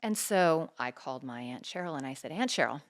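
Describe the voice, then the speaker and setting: A woman's voice: a bass voice, brisk. A middle-aged woman co-hosting a talk show, telling a personal story earnestly and acting out the dialogue as she goes. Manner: earnest, animated retelling with quoted dialogue. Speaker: podcast co-host. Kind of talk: personal storytelling, casual chat.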